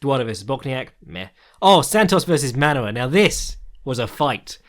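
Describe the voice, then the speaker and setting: A man's voice: mid-range voice, big pitch swings, normal speed. Rambling man hosting a podcast. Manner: swears freely, rambling and laughing with lots of ums. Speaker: podcast host. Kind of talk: casual podcast commentary.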